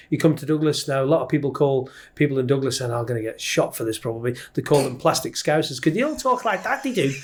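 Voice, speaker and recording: A middle-aged man with a Manx accent, talking at a brisk clip in a relaxed interview. He is a chatty storyteller who acts out the people in his anecdotes. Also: a little high. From Isle of Man. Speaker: guest commentator. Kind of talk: casual interview chat.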